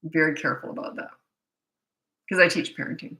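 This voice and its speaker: Blunt, bright-voiced middle-aged woman coach. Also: sits low, fairly even intonation, fairly quick, reverberant, poor audio. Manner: blunt, candid and chatty. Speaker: parenting coach. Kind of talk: live Q&A, answering viewer questions.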